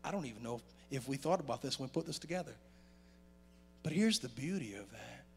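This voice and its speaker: Man, pastor, church sermon, gravelly, lively pitch swings, loud-then-quiet preaching. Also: brisk, a little hiss or hum. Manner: animated preaching with sudden loud rises and quiet drops. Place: church sanctuary.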